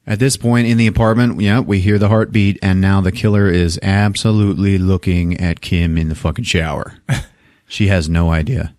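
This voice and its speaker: A man's voice: deep voice, moderate pace, dry recording, studio quality. A man co-hosting a podcast, retelling a film scene by scene in casual, profane talk and acting out the characters' lines. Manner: profane, animated storytelling, jumps into character voices. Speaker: podcast co-host recapping a film. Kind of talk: casual movie recap with acted-out lines.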